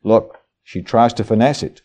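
A man's voice: on the low side, moderate pace, darkish tone. A man preaching a sermon, reading scripture verses aloud and explaining them in a folksy, conversational way with asides to the congregation. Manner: reads verses aloud with shifting dramatic emphasis.

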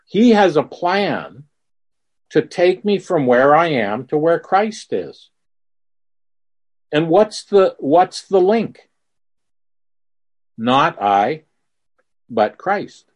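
A man preaching a sermon in a slow, earnest way, telling stories with quoted dialogue to make his point. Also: on the high side, darkish tone. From Mississippi.

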